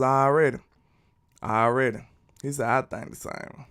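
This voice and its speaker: A man's voice: mid-range voice, steady tone, a little slow, pauses often. A man from Alabama, hosting a casual live sports stream and answering viewers' chat. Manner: reads out and answers chat comments. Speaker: sports channel host.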